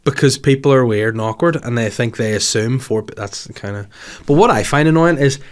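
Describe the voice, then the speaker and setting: A man's voice: medium pitch, brisk. A man hosting a podcast, joking and rambling through casual, teasing banter. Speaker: podcast host.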